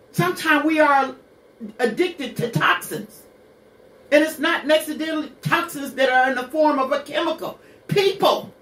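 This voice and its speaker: A woman in her sixties hosts a radio show, bluntly telling her own hard story in a candid personal monologue peppered with curses and rhetorical questions. Her voice is high and fairly bright, recorded far from the mic with a roomy sound.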